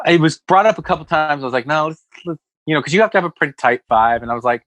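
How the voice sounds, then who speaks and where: A man's voice: on the high side, rapid-fire, no echo, rough recording. Rambling storyteller man, dry sound. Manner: rambling, animated storyteller acting out quotes. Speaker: comedian guest. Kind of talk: casual podcast chat, storytelling. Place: West Hollywood.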